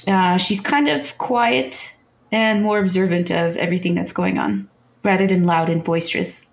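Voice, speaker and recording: A woman's voice: fairly low pitch, normal speed, gravelly. A woman describing her tabletop character, hesitant with fillers. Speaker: player. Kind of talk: tabletop game play.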